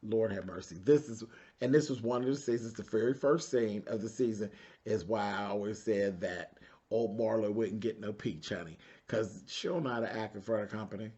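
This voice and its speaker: A man's voice: fairly low pitch, moderate pace, mellow, husky. Sassy gossiping man, dull lo-fi sound. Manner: sassy and gossipy, drawling "honey" and "child". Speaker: reality TV reviewer. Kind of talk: casual episode recap commentary.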